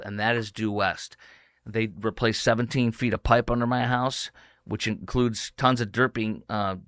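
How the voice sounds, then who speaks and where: A man's voice: on the low side, fairly bright tone, clear, resonant tone, dry recording, clean studio sound. A male radio talk show host delivering an opinionated, combative monologue with ad reads, speeding up in emphatic bursts.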